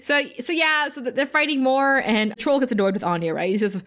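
A woman's voice: sits high, expressive, a little fast, hardly any pauses, fairly bright tone. A woman co-hosting a casual podcast, recapping an episode while laughing often and swearing in exasperation. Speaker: podcast co-host.

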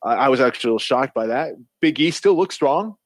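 Fast-talking man in opinionated wrestling chat. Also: mid-range voice, animated, no room sound. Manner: opinionated, many restarts and fillers. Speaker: podcast co-host.

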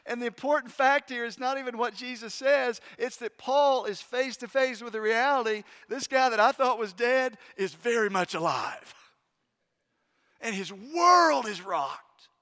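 A man preaching a sermon as pastor, emphatic, swinging between urgent loud stretches and hushed, intense ones, with conversational asides to the congregation. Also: very high voice, a little slow. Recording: long hall reverb.

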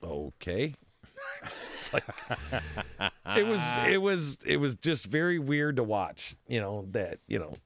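A man's voice: medium pitch, big pitch swings, measured pace, long pauses, fairly bright tone, slight background noise. A man hosting a talk show, telling a story in a loose, rambling way, repeating himself and laughing often.

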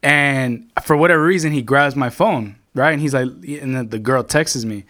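A man's voice: mid-range voice, moderate pace, pushed and bright. A young man telling a long story to his friends in casual chat, rambling and swearing, with lots of filler words.

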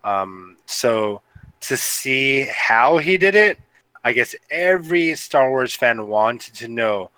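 A man's voice: mid-range voice, expressive, takes it slowly, pushed and bright, smooth, no room sound, low-quality recording. A man co-hosting a casual movie review podcast, rambling with lots of fillers and laughter. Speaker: podcast co-host.

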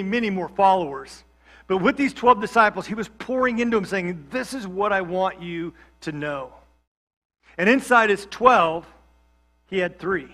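A man gives a sermon in a high, bright voice. He preaches in a loose, conversational way and slips in jokes and asides. He is a pastor who grew up in Georgia. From Georgia, USA.

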